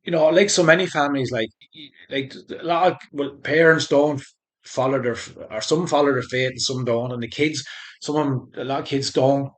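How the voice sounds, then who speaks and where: A man recounts a personal faith story as an interview guest. He talks in an earnest, halting way, often restarting his sentences. His voice sits at an ordinary middle pitch. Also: fairly even intonation. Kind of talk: conversational faith testimony.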